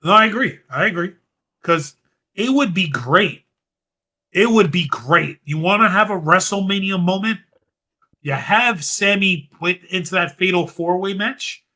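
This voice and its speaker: Male podcast host, bright, slightly high voice, animated recap. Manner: animated, fast-running recap. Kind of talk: casual chat recapping wrestling.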